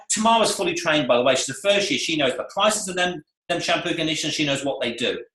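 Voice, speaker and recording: A man teaches salon staff from the front of an echoey room. His pitch jumps all over and he slips into voices of clients and staff to act out each scene. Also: lively intonation, fast, few pauses, fairly bright tone. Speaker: salon coach. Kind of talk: lively seminar teaching.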